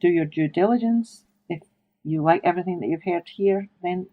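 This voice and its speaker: A woman hosting a podcast, her voice sitting a little low. She chats loosely and laughs easily, breaking into playful wordplay. The sound is dry and close, with no room around it. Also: normal speed, no room sound, phone-quality sound. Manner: chatty, laughs often, plays with words. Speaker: podcast host. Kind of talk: casual interview chat.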